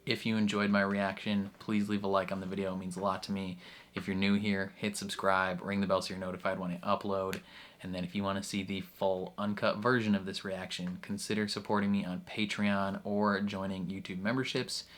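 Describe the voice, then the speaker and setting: Man, lowish voice, casual reaction commentary, rambling, fillers, laughs a lot. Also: level tone, brisk, a bit bright. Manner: chatty, full of fillers, laughs often. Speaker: reaction video host.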